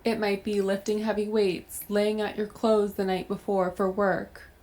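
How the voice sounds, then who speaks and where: A young adult woman talking straight to camera, giving brisk step-by-step coaching advice on self-help. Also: mid-range voice, level tone, a little mellow. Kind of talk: direct-to-camera advice monologue.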